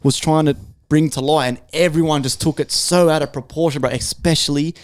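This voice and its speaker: This is a man hosting a podcast, his voice smooth and crisp on a dry, close sound. He rants freely, swearing a lot and restarting his sentences as he goes. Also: a little high, steady tone, a little fast, no room sound. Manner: swearing, rambling rant with restarts. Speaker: podcast host. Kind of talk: casual podcast chat.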